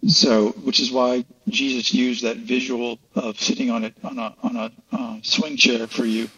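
A man's voice: medium pitch, little pitch movement, moderate pace, bright, forceful tone, slightly rough. A man as an interview guest, explaining his faith earnestly in casual conversation. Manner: earnest, explanatory, many restarts. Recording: distant, muffled lo-fi audio.

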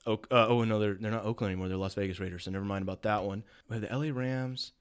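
Young male podcast cohost, halting speech with lots of ums and cursing, bursts of excitement. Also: fairly low pitch, smooth. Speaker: podcast co-host. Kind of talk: casual podcast chat.

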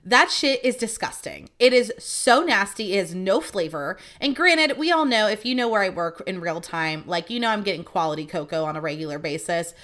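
A woman's voice: mid-range voice, lively intonation, normal speed, few pauses, fairly bright tone. A young woman hosting a podcast, telling stories in a chatty, profane, casual monologue. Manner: chatty, profane, acts out quoted voices. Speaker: podcast host.

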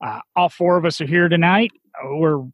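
Husky-voiced man hosting a car podcast. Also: on the high side, no echo, lo-fi sound. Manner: chatty, talks in bursts with quick restarts. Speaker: podcast host. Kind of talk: casual chat.

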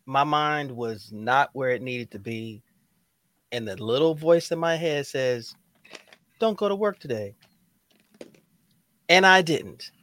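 A man co-hosting a podcast, telling a relaxed, amused story in casual chat. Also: medium pitch, no room sound. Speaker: podcast co-host.

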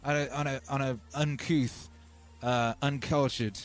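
A man's voice: mid-range voice, unhurried, faint music behind. Rambling man hosting a live stream. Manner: rambling, animated, addresses viewers as brothers and sisters. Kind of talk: casual live-stream chat.

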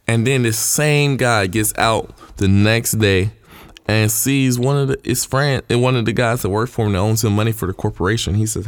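A man preaches in a plain, low-pitched voice, pressing his points again and again with earnest conviction. He retells old stories in casual everyday words. The sound is close and dry. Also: normal speed, no room sound. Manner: earnest, repeats points for emphasis; retells scripture in everyday terms. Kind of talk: informal sermon.

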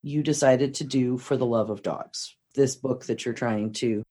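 A woman's voice: very deep voice, a little slow, mellow, husky. A woman hosting a podcast, chatting in an encouraging, chatty way with her guest and closing the show. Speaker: podcast host. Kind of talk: interview and podcast outro.

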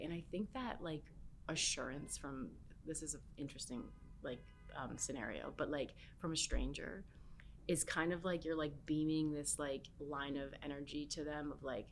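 A woman guest chatting casually, soft-spoken, often trailing into a near whisper and filling with "like". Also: low voice, normal speed, vocal fry, slight background noise. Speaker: podcast guest, health chef. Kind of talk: casual chat.

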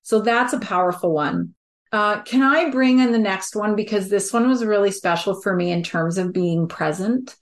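A woman hosting a podcast, talking in a warm, earnest, reflective way and laughing easily. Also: medium pitch, moderate pace. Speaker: podcast host. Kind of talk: reflective conversational chat.

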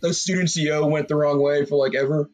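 A man's voice: fairly high pitch, fairly even intonation, quick pace, a little mellow. A man in casual chat, hesitantly asking questions and recalling old training days.

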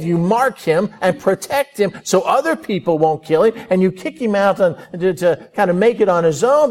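A man preaching a sermon in an animated way, acting out prayers and quoted thoughts as he goes. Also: high-pitched, normal speed, few pauses. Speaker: pastor.

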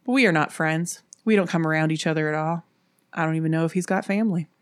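A woman from Appalachia, host of the show, narrating a spooky story in a steady, measured way. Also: sits low, clean tone, no room sound, studio quality.

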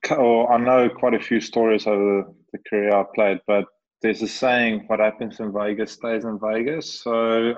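A man's voice: lowish voice, flat delivery, moderate pace, dull audio. A man from South Africa, a guest talking casually and laughing easily in an interview from home. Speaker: guest cricketer. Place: home, remote call.

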